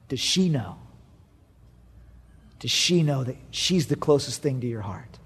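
A man's voice: mid-range voice, lively intonation, a little slow, pauses often, fairly bright tone, husky. A middle-aged male pastor preaching a sermon, emphatic, repeating key phrases with playful asides.

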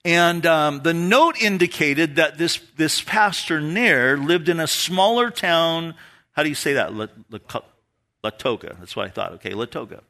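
A man's voice: a little high, a little slow. A man pastor preaching a sermon and telling stories with laughter. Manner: storytelling, animated, laughs at his own stories.

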